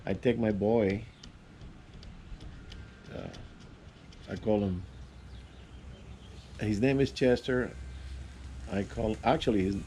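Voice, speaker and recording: A man telling a personal story in a casual, rambling way, with halting restarts and fillers. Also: fairly low pitch, fairly even intonation, mellow, a little hiss or hum. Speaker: vlogger.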